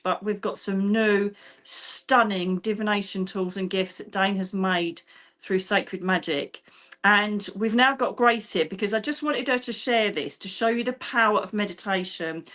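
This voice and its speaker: A woman's voice: medium pitch, moderate pace, fairly bright tone. A woman hosting a casual livestream as a psychic medium, chatty and teasing, laughing often.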